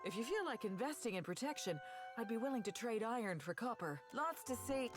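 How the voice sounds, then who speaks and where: An actress playing a brisk female trader in video game dialogue, businesslike and welcoming. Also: fairly high pitch, animated, over music, close to an everyday voice.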